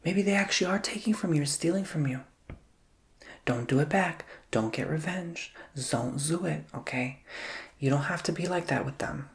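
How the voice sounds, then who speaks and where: A man giving a chatty, theatrical ASMR tarot reading that keeps dropping into soft whispers. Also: fairly high pitch, normal speed.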